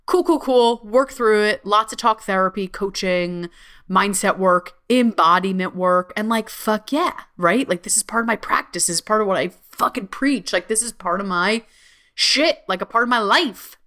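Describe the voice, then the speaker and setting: A woman talks through her solo podcast in a loose, unscripted way, swearing freely and leaning on "like". Her voice is bright and forward, and it leaps high in bursts of animation. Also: normal speed. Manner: chatty, heavy swearing and frequent "like" fillers; animated, with sudden jumps up in pitch. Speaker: podcast host. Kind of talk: casual solo podcast monologue.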